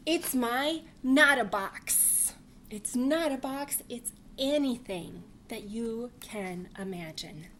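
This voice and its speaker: A woman voicing an imaginative little boy bunny in a picture book, insisting with drawn-out emphasis. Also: fairly high pitch, a bit bright, a little hiss or hum. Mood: playful.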